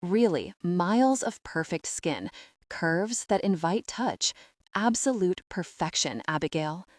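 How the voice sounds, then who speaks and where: A woman narrating the part of a commanding man, speaking low and murmured, sure of himself and possessive. His voice sits in a fairly low register and sounds close and dry, with no room around it. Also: animated, slow, no echo.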